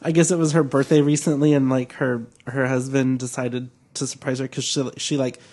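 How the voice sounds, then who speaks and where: A man's voice: mid-range voice, little pitch movement, brisk, a little mellow. A man co-hosting a podcast, telling a story in casual chat, with lots of "like". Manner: chatty, many likes. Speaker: podcast co-host.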